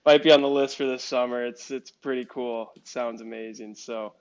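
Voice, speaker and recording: A man's voice: medium pitch, steady tone, moderate pace, lo-fi sound, slight background noise. A young man from Alaska, a hockey goaltender guest, giving earnest, reflective answers with many fillers. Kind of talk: podcast interview answers.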